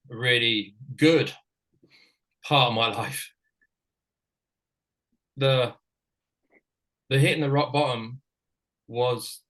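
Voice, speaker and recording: A middle-aged man from Britain, a former hockey player and coach, telling a personal story frankly in halting, restarting sentences. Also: mid-range voice, a bit bright, rough recording.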